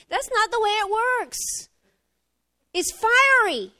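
A middle-aged woman preaching a sermon, animated, swinging from emphatic fire down to quiet talk. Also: takes it slowly, long pauses. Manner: animated, rising to emphatic fire then dropping low.

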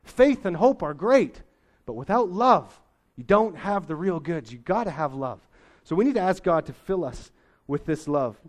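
A man's voice: on the high side, very animated, normal speed. Folksy, conversational preacher man. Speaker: pastor. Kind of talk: sermon.

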